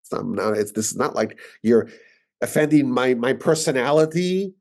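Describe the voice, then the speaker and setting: Animated rabbi with a New York accent. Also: male voice, medium pitch, moderate pace, gravelly. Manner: animated, argumentative, repeats words while thinking. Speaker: rabbi and teacher. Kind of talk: informal teaching talk.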